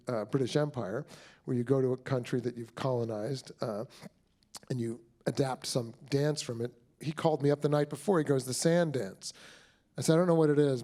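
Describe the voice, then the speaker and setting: A man's voice: mid-range voice, warm tone. A middle-aged man, a film director, talking about his work at a screening Q&A, rambling and effusive with many restarts. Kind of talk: Q&A talk after a screening.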